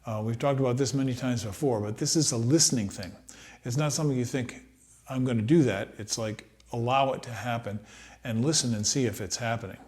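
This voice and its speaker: A middle-aged man giving a relaxed trumpet lesson, thinking aloud with many pauses and fillers. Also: mid-range voice. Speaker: trumpet teacher. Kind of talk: relaxed practice-room lesson.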